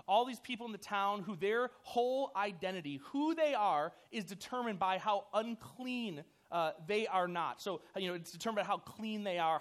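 A youth pastor with a notably high voice preaches to a group of young teens. He talks loosely and animatedly, full of "like" and "you know". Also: fairly bright tone. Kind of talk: sermon.

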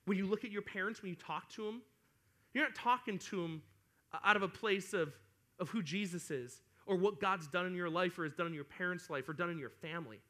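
A young man gives a lively youth sermon to students. His voice is high and bright, and he acts out complaining kids as he talks. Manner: animated, acts out whiny kids. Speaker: youth pastor.

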